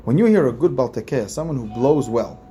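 A man's voice: medium pitch, lively intonation, brisk, dark tone, slight background noise. A man, a rabbi, giving an informal religious lesson in a conversational way, repeating phrases and asking his listeners questions. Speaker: rabbi teaching a class.

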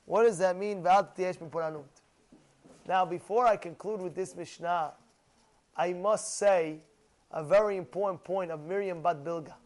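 A man's voice: high-pitched, moderate pace. A man teaching a Torah lesson, telling stories with frequent laughs and questions to his listeners. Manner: lively storyteller who laughs often and asks questions.

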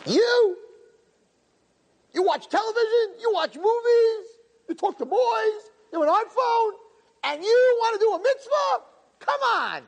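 A man voicing a sneering male tempter spirit who fires off mocking, shouted questions. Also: extremely high pitch, expressive, unhurried, vocal fry, in a large hall, pitched above the performer's own voice, exaggerated voice. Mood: mocking, shouting. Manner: taunting, shouted rhetorical questions.

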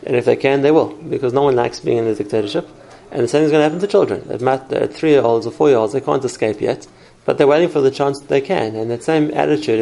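A man's voice: medium pitch, gravelly, warm tone, poor audio. A man teaching a class on parenting, explaining through stories and examples and answering questions.

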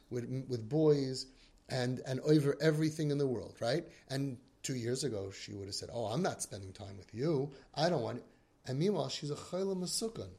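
A man's voice: mid-range voice, darkish tone. A man, a parenting coach telling stories on a podcast and mixing Yiddish and Hebrew words into his talk.

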